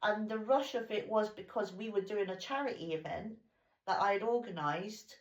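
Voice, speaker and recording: A woman's voice: medium pitch, normal speed. A woman in her forties, chatting animatedly as a podcast host, telling stories in a casual, talkative way. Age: 40s. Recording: roomy echo.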